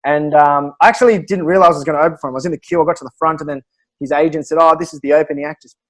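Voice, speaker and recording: An Australian man, a guest comedian, telling animated anecdotes in a podcast interview and chuckling through his own stories. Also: a little high, racing, low-quality recording.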